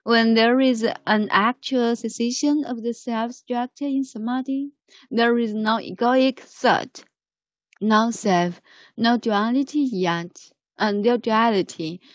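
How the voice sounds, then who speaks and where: A woman's voice: a little high, no echo, highs cut off. A woman, teaching as she patiently corrects pronunciation and reads a text aloud. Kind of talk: language lesson, reading aloud.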